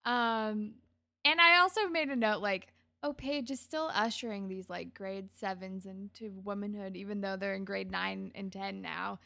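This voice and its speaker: A woman's voice: mid-range voice, moderate pace, gravelly, bright, forceful tone, dry recording. A woman co-hosting a podcast, retelling a TV episode casually and acting out the characters' lines. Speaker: podcast co-host. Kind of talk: casual chat recapping a TV episode.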